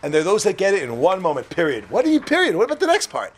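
High-pitched guy giving a torah class, super animated, keeps quizzing the room. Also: very fast, breathy edge. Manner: animated, quizzes listeners, laughs at own jokes. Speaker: religious teacher.

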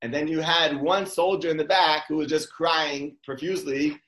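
A man with a slightly higher voice gives a casual Torah talk. He speaks conversationally and often restarts his sentences. The room around him is echoey. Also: steady tone, normal speed, fairly bright tone.

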